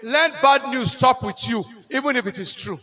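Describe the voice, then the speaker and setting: A man with a Nigerian accent giving a motivational lecture to nurses at a conference, emphatic and repetitive, slowing down on key lines and asking the audience rhetorical questions. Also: very high voice, pushed and bright, rough recording.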